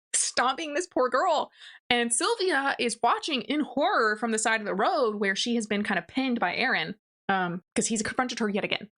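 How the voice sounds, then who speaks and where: A woman's voice: on the high side, a bit bright. A young woman recapping and ranting about a novel in a casual, exasperated, sarcastic way, full of fillers. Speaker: book reviewer. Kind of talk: ranting book review recap.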